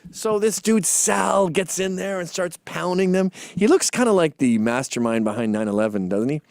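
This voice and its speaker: A man's voice: high-pitched, expressive, moderate pace, creaky, a little mellow, no room sound. A middle-aged man, a commentator, telling a story in a sarcastic, comedic monologue and acting out quotes in mock voices.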